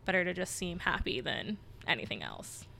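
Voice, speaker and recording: A woman's voice: on the low side, wildly swooping pitch, moderate pace, vocal fry, bright, forceful tone. A young adult woman, a guest on a podcast, telling personal stories openly with light self-deprecating laughs. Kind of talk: casual podcast interview.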